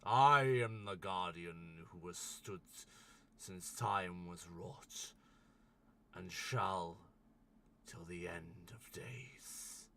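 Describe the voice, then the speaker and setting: A man's voice: deep voice, drawn-out words, gravelly, bright, forceful tone, recorded from a distance, a little hiss or hum, heavily acted. A man voicing a towering ancient ice giant guardian who speaks in solemn, archaic proclamations. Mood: solemn, menacing.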